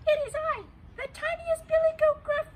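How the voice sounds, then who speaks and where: A woman's voice: very high-pitched, steady tone, normal speed, slight background noise, voice pushed up. A woman voicing the tiniest billy goat in a storybook reading, with a small, pleading voice. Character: tiny timid young billy goat.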